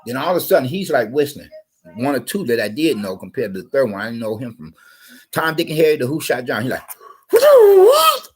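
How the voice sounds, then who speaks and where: A man's voice: mid-range voice, expressive, fast talker, breathy edge, rough recording. A man with a cough telling a rambling, digressive story on his channel, often repeating himself. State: coughing, under the weather. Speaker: channel host.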